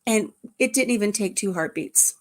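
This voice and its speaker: A woman's voice: mid-range voice, expressive, normal speed. An older woman and grandmother chatting casually to her viewers, telling a family story in a rambling way with frequent restarts. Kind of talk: casual chat.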